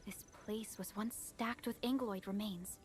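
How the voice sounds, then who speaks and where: A woman's voice: medium pitch, fairly even intonation, measured pace, lightly acted. A woman voicing an earnest young explorer in a video game, explaining her surroundings. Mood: explanatory. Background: faint game music.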